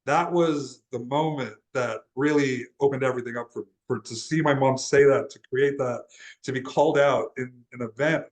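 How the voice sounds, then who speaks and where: A man's voice: mid-range voice, normal speed, rough recording. Earnest young guy from texas telling his story, casual, repeats words a lot. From Laredo, Texas, USA. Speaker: interview guest, transformational guide.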